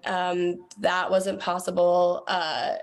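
A woman's voice: on the low side, little pitch movement, slow pace. A woman recounting a fake kidnapping call, plain and direct. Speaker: mother telling a scam story. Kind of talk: recorded testimony.

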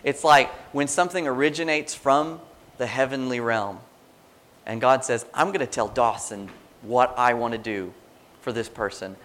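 A man preaching to a congregation in a relaxed, conversational way. He slips into quoted prayers and little acted-out reactions, and his voice sits at an ordinary middle pitch. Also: normal speed. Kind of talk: sermon.

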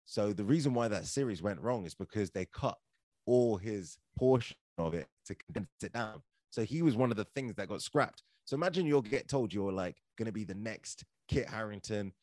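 A man's voice: lowish voice, moderate pace, no echo. Chatty man telling stories. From London, England. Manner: chatty, animated, filler-heavy with "like" and "right?". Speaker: podcast guest, actor and comedian. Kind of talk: casual storytelling.

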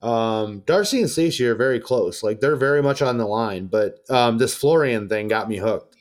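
A man's voice: mid-range voice, lively intonation, moderate pace. A man hosting a podcast, chatting casually in a rambling, profane storytelling way. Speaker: podcast host. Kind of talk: casual chat.

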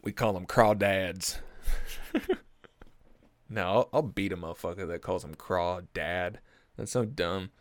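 Young guy w a drawl, real deep voice, cussing and joking around, dry close sound. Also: unhurried, pauses often, no echo. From Oklahoma. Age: early 20s. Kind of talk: casual comedic monologue.

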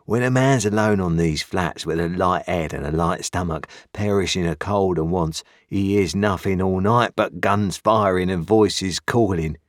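A man voicing a ragged, starving escaped convict with gruff, rough country speech. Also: low voice, a little slow, few pauses, dry recording, studio quality. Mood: haunted. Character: ragged, starving, hunted older male convict.

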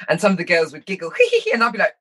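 A middle-aged woman telling stories from her childhood in an interview. She is lively and self-mocking, laughs often, and slips into quick impressions. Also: on the low side, breathy edge. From London, England. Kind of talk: personal storytelling in conversation.

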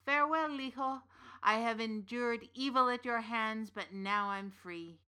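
A woman's voice: on the high side, a little slow, sharp tone, smooth. A woman voicing a frightened male smith who stammers as he pleads. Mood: nervous. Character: frightened talented male smith, middle-aged.

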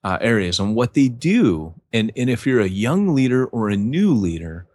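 A podcast co-host chats in a rambling, conversational way, restarting sentences and acting out quotes. His medium-pitched voice is sing-song and a little mellow, moving at a moderate pace, captured in a clean studio with no echo.

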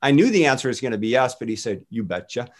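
Man, guest minister, casual faith talk, animated storytelling, medium pitch. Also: rapid-fire. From United States. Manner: animated storytelling with voiced quotes.

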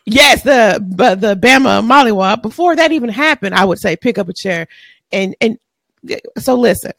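Podcast co-host: a high-pitched woman with a drawl, lively and blunt, sometimes profane, recorded dry. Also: normal speed, vocal fry, no room sound. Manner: blunt, animated, profane ranting. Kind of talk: casual chat.

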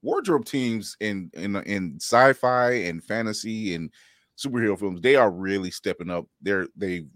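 A middle-aged man hosting a casual podcast chat, animated and laughing, acting out quotes in playful voices. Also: lowish voice, unhurried, no room sound, clean studio sound. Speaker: podcast host.

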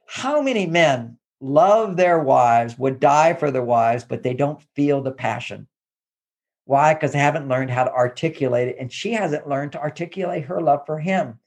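A man's voice: fairly high pitch, lively intonation, normal speed. A man from Texas, a therapist and relationship author, talking casually and animatedly, often acting out quoted phrases. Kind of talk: casual advice talk.

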